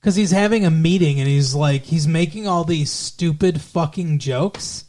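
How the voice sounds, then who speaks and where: A man co-hosting a podcast, recapping a TV show in casual chat with animated, profane ranting and lots of fillers. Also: a little high, moderate pace. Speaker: podcast co-host.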